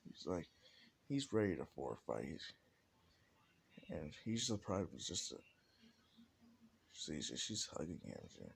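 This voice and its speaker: A man's voice: deep voice, big pitch swings, unhurried, gravelly, pauses often. A man telling an improvised fan story in a rambling way, full of restarts and "like". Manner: rambling, many restarts and fillers like "like". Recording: faint background hiss.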